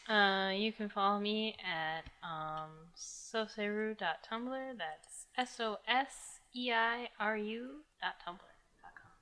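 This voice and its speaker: Slow, bright-voiced woman. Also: medium pitch, clear, resonant tone. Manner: slow, careful spelling out. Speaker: player. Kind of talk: casual podcast chat.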